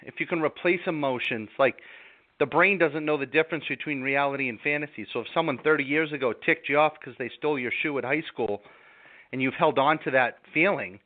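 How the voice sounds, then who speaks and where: A man gives self-help advice in a relaxed live interview. He is animated and acts out angry outbursts to make his point. The sound is tinny and phone-like, with a dry, close feel. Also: on the high side, no echo.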